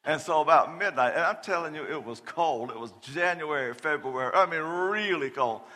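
A middle-aged man preaching a sermon, telling a personal story loudly and animatedly, often laughing. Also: a little high, animated, normal speed, long reverb tail. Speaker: pastor.

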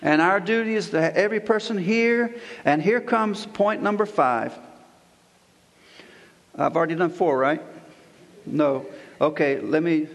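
High-voiced preacher in echoing church. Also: male voice. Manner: preaching with repetition and emphatic pauses. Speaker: pastor. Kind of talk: sermon.

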